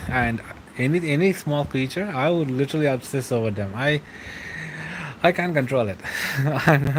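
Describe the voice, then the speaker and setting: A man's voice: mid-range voice, rough recording. Guy in his 30s rambling on a late night stream, lots of little laughs and restarts, bit of faint hiss behind. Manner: rambling, halting, laughs often.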